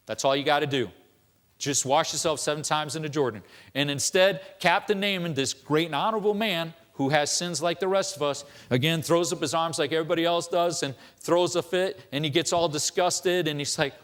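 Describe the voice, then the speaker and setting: A man's voice: on the high side, fairly bright tone. A man giving a sermon as a church elder, telling stories conversationally and tossing in rhetorical questions.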